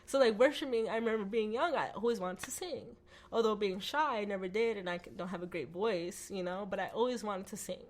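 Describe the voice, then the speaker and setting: A woman telling her personal faith testimony as a podcast guest, animated, acting out quoted voices, with lots of "like" and "you know.". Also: medium pitch, fairly quick. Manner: frequent "like" and "you know" fillers.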